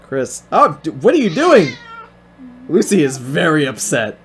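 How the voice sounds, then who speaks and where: A man's voice: fairly high pitch, huge pitch swings, measured pace, slight background noise. Exasperated swearing man streaming. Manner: exasperated, swearing, mock-outraged. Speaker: streamer reacting to videos. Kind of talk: casual reaction commentary.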